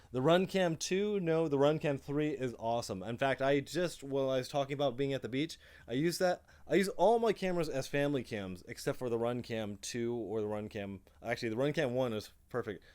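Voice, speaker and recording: A man with a smooth, clear voice chats casually on a live stream from his home office. He rambles, stops and restarts, and leans on fillers as he talks about his drone builds. He speaks into a desk microphone at an ordinary, mid-range pitch. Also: a little mellow. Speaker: drone hobby channel host.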